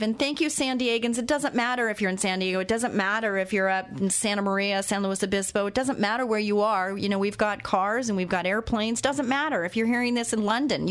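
A woman hosting a radio talk show, interviewing a guest and making earnest, urgent appeals to listeners. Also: medium pitch.

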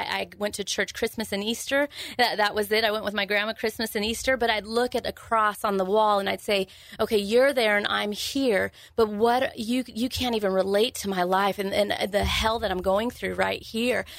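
A middle-aged woman, telling her personal testimony in an interview with earnest, halting storytelling. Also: mid-range voice, vocal fry, fairly bright tone, no room sound. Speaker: guest sharing testimony.

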